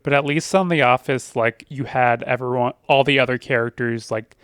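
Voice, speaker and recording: A man's voice: mid-range voice, fairly even intonation, normal speed, fairly bright tone, smooth, no echo. A man co-hosting a podcast, chatting loosely and conversationally with many fillers on a close mic. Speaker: podcast co-host. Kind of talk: casual chat.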